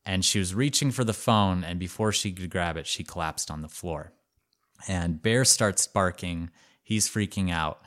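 A man co-hosting a podcast, telling a story in a casual, animated way with lots of "like" fillers. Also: low-pitched, normal speed. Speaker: podcast co-host.

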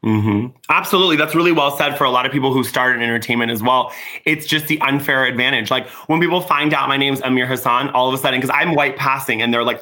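Bright-voiced male podcast host. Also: mid-range voice, quick pace. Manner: agreeing, frequent affirmations. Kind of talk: casual podcast chat.

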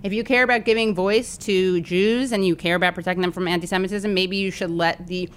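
A woman co-hosts a casual podcast chat, her voice a little low and notably smooth. She talks in an animated way, throwing in sardonic asides. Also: a little fast. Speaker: podcast co-host.

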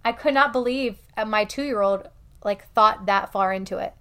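A young woman co-hosting a podcast, telling family stories in a chatty, animated way with acted-out quotes. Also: mid-range voice, normal speed. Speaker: podcast co-host. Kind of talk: casual chat.

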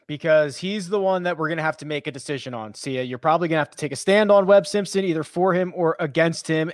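A man's voice: fairly high pitch, no echo, clean studio sound. A man hosting a golf podcast, talking animatedly and tripping over his own words as he runs the discussion. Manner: animated, restarts and trips over himself. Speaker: podcast host. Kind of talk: casual sports podcast chat.

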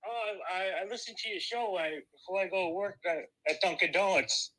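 A man's voice: high-pitched, fairly quick, pushed and bright. A man calling in on a phone line, an eager fan who stammers as he talks. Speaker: caller.

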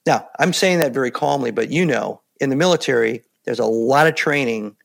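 A former Navy SEAL guest in his later years, speaking in a calm, plainspoken way as he tells stories in an interview. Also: mid-range voice, fairly quick, gravelly. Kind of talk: casual interview talk.

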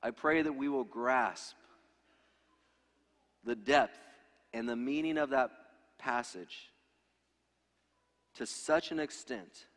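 A man's voice: mid-range voice, takes it slowly, pauses often, fairly bright tone. A pastor in his thirties preaching an earnest, emphatic sermon with lots of repetition. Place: church sanctuary. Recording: reverberant hall.

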